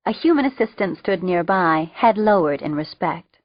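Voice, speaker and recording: A woman reading an audiobook in a lowish voice, steady and a touch wry. The sound is dull, dry and lo-fi, with no room around it. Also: moderate pace, no room sound. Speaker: audiobook narrator. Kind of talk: audiobook narration.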